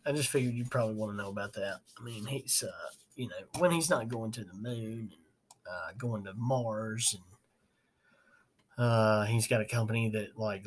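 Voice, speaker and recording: A man hosting a podcast, rambling casually, laughing and swearing. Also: on the low side. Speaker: podcast host. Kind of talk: casual chat.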